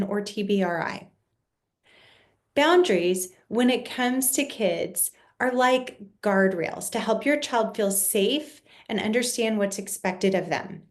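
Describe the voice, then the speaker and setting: Calm woman counselor explaining parenting. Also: on the high side. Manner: calm, measured explaining with occasional restarts. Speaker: child and family counselor. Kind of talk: educational parenting video.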